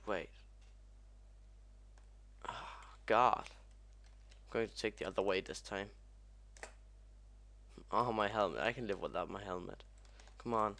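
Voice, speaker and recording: Young male let's-player, slow unhurried delivery with sudden cursing yelps over a crash, keyboard clicking behind. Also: lowish voice, gravelly. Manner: excitable, swears a lot, yelps at crashes. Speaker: gaming commentator. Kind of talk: let's play commentary.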